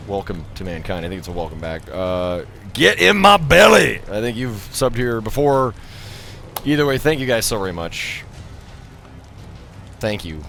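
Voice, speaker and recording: A man live-streaming a video game, thanking subscribers, joking, and bursting out loudly at the action. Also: fairly low pitch, animated, moderate pace, pauses often, slight background noise. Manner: loud sudden outbursts while playing.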